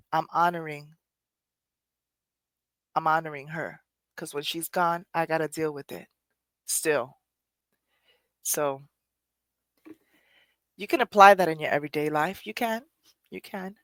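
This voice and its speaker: On her podcast, a middle-aged woman reflects on personal things with candor and earnestness, readily laughing at herself. Her voice is on the low side with a fairly bright tone, recorded dry and close without room sound.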